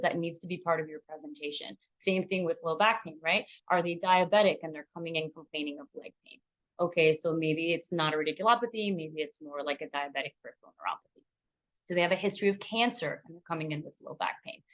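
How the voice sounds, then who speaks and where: A woman physician lecturing from slides in a clear, explanatory way, with a somewhat low voice. She moves easily between English teaching and Spanish patient phrases.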